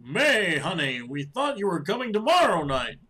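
A flustered, doting middle-aged mom from a video game, as a man puts her on, her voice lifted high and lively. The sound is bright, with faint music underneath. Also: moderate pace, exaggerated voice. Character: fussy surprised mother, middle-aged.

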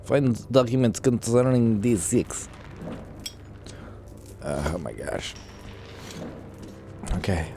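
A man hosting a let's play video, joking and shouting at enemies as he plays. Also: lowish voice, sing-song, takes it slowly, vocal fry, long pauses, slight background noise. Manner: jokey and exclamatory, shouting at enemies. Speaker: gaming video host.

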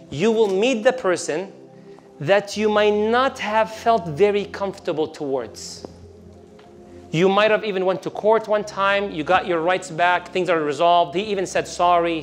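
A man preaching a lively sermon to an audience, acting out the devil's whispers and reciting verses in Arabic. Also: sits high. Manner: animated, acts out the devil's whispers in asides, mixes in Arabic recitation.

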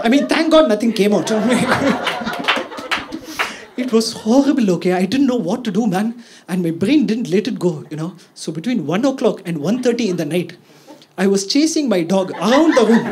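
Male comic, live crowd. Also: high voice. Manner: animated storytelling, sombre in the closing part. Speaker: stand-up comedian. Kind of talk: stand-up comedy set. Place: comedy venue with live audience. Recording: live audience laughter.

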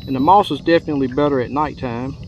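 A man's voice: mid-range voice, quick pace, noisy background. A man, chatting casually to viewers while fishing from a boat on a lake. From Texas. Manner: chatty, drawling, addresses viewers as y'all. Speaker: fishing guide. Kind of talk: casual fishing vlog commentary.

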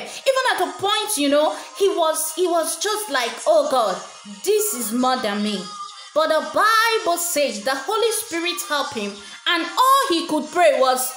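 Woman, high voice, earnest sermon, repeats words for stress, roomy echo. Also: fairly bright tone. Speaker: preacher. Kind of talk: encouraging sermon to a camera. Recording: echoey room with faint music.

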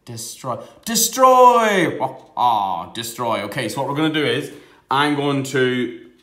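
A man teaching a phonics lesson to young children, slowly sounding out words and breaking into excited shouts on the answers. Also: mid-range voice, roomy sound.

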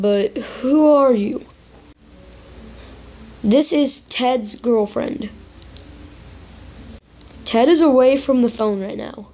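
A woman's voice: fairly high pitch, darkish tone. Woman reading as a suspicious annoyed girlfriend. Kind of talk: reading a chat story aloud.

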